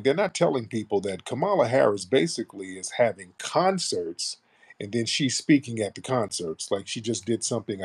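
Man, low voice, husky, casual live-stream host, blunt, sarcastic commentary. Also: a little mellow.

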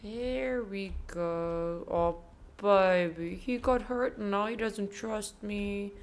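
A woman playing a video game and commenting casually, tender and emotional, cooing at a bear and swearing softly under her breath. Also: medium pitch, takes it slowly. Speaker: gaming video host. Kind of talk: casual let's play commentary.

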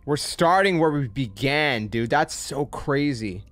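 A man's voice: mid-range voice, animated, measured pace, few pauses, a bit bright. Breathless man saying dude a lot. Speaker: streamer reacting to a video. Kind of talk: casual live reaction.

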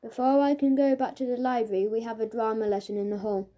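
A woman narrating a children's audiobook in the first person, in a lively, playful storytelling manner. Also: fairly high pitch, fast talker, lo-fi sound.

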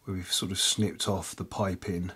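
A man hosting a casual miniature-painting tutorial, rambling with lots of fillers and muttering softly to himself as he paints, chewing peanuts as he talks. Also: deep voice, little pitch movement, moderate pace, husky. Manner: rambling, chatty, many fillers; chewing peanuts while talking. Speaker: miniature painting hobby channel host.

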